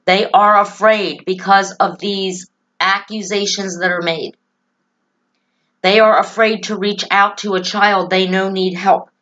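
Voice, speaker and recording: A woman's voice: mid-range voice, fairly even intonation, measured pace, a bit bright, highs cut off. A woman vlogging to camera about her own life and opinions, earnest, emotional and opinionated. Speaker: political vlogger. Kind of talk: personal talk to camera.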